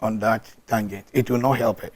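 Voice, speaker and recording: A man's voice: lowish voice, steady tone, fairly quick. A man on a TV studio panel, firmly advising on relationships. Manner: firm, advising.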